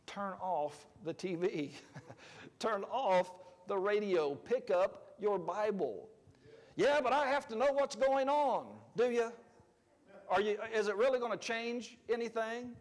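A man preaching a sermon as pastor, conversational, swinging between loud emphatic lines and quiet asides. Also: fairly high pitch, in a large hall. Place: church sanctuary.

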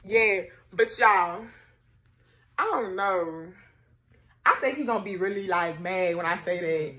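Young woman vlogging, slangy and teasing, real animated, just chatting to the cam. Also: lowish voice, measured pace. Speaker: vlogger host. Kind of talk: casual chat to camera.

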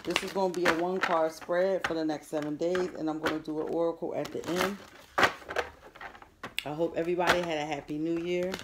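A woman's voice: sits low, heavy background noise. A woman doing a chatty, informal tarot reading, repeating her questions as she goes. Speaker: tarot reader.

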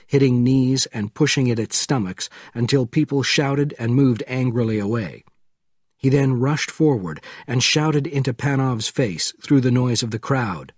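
A man narrating a thriller audiobook in a measured, deliberate way. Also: medium pitch, darkish tone, husky, no room sound, clean studio sound. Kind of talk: scripted narration.

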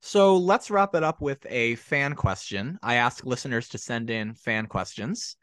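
A man hosting a podcast interview, eager and quick with short affirmations. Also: medium pitch, animated, fairly bright tone, no room sound, clean studio sound. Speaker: podcast host. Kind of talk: casual interview.

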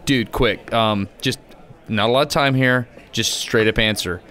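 A man voicing a hurried male customer who speaks in an urgent, clipped way. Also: medium pitch, a bit bright, lightly acted.

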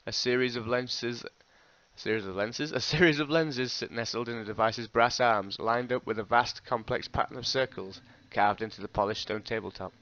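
A man reading an interactive fiction game aloud, expressive and breaking off with laughing asides. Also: mid-range voice, moderate pace, dry recording. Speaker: host. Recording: dull lo-fi recording.

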